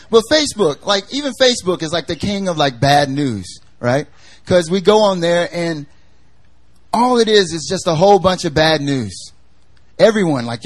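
A young man preaching a casual sermon, chatty and jokey, full of fillers as he tells stories. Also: fairly high pitch.

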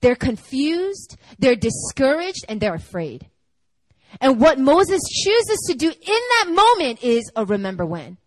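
A young adult woman preaching a conversational sermon, telling stories in a chatty, animated way full of "like" and laughter. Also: high-pitched, measured pace, dry recording, low-quality recording.

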